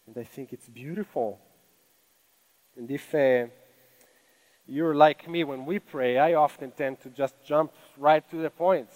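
A man with a non-native English accent delivers a sermon from a church stage. His voice sits somewhat high, and he keeps an earnest, conversational tone, leaning on rhetorical questions to draw the congregation in. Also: measured pace, pauses often, a little mellow, poor audio. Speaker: pastor.

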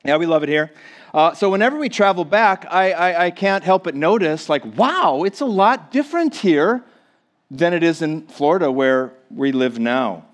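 A man's voice: on the high side, normal speed. A man in his forties from Minnesota with a Minnesotan accent, giving a casual, joking, self-deprecating sermon to his congregation, chatty and full of fillers. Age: 40s. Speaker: pastor.

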